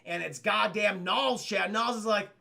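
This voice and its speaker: A man's voice: sits high, vocal fry. A man streaming live, recapping a film scene by scene for his chat in a loose, profane way and acting out the characters' lines. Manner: animated, acts out characters' lines in quick changes of voice; swears a lot and keeps addressing the chat.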